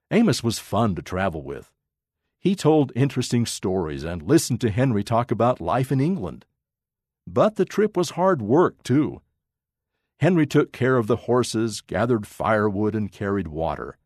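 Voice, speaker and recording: A man narrating a children's story aloud with expressive, dramatic pacing. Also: fairly low pitch, normal speed, no echo, studio quality.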